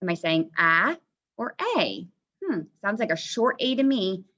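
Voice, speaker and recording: A woman teacher slowly sounding out vowels in a phonics lesson. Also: mid-range voice, expressive, bright, forceful tone, lo-fi sound. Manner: slow, drawn-out sounding out of vowels.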